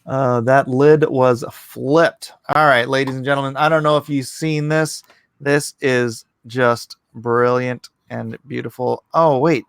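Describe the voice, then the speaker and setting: A man hosting a casual livestream, animated and jokey, reading chat and bantering with his co-host. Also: mid-range voice, a little slow, creaky, clear, resonant tone, no echo. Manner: animated and jokey, breaks into laughs.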